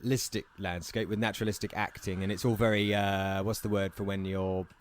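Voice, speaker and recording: A man's voice: fairly low pitch, little pitch movement, fast, a little hiss or hum. A young man in his twenties co-hosting a podcast, chatting casually about films and often searching for words. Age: 20s. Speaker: podcast co-host. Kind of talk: casual film review chat.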